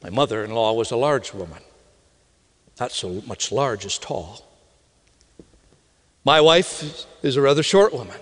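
A middle-aged man from Minnesota with a Minnesota accent, a pastor preaching a storytelling sermon with sudden excited outbursts. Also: medium pitch, unhurried, pauses often. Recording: long reverb of a large hall.

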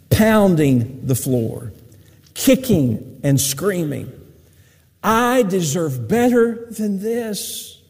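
A man's voice: mid-range voice, creaky, dark tone, husky, in a large hall. A man preaching a sermon, telling stories in a folksy way. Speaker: pastor.

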